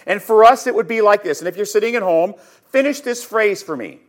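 A man teaching a sermon on scripture, telling the story dramatically and emphatically, swinging between loud and hushed, and putting questions straight to his listeners. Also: high voice, lively intonation, a little fast. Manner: addresses listeners directly with questions. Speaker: Bible teacher.

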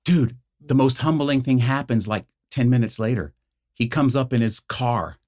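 A middle-aged man talking through a personal story in a relaxed podcast chat. He acts out the back-and-forth lines as he goes, with an animated, storytelling way of speaking. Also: mid-range voice, normal speed. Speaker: ministry leader, podcast guest. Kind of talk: casual conversational storytelling.

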